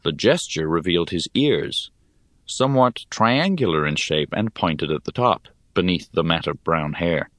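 A male narrator with a deep voice reads a fantasy adventure at an unhurried pace. His lively intonation rises and falls through the tale. The recording is close-miked and dry. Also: dry recording. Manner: measured and expressive. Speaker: audiobook narrator. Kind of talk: first-person storybook narration.

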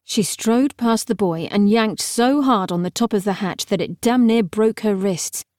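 A woman narrates a novel with wry, even storytelling. Her voice sits in a middle range and is recorded dry and close, with no room sound. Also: mid-range voice, a little slow, dry recording. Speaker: audiobook narrator. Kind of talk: scripted narration.

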